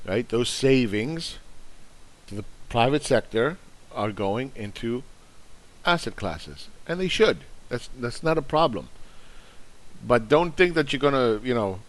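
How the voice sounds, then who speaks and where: A man hosting an investing channel, ranting in angry, sarcastic commentary that is full of profanity and mockery. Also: fairly low pitch.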